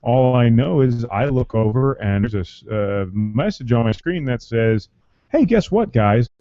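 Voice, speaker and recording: A man's voice: medium pitch, moderate pace, dry recording, dull audio. A man co-hosting a podcast, chatting in a laid-back way and swearing casually. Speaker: podcast co-host running the stream.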